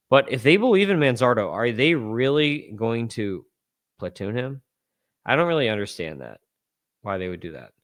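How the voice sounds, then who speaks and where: A man with a somewhat low voice hosts a casual sports podcast, talking through numbers as he scrolls. He rambles, catches and corrects his own slips, and chuckles at his own asides. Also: a bit bright. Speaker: fantasy baseball podcast host. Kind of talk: casual analysis while screen-sharing stats.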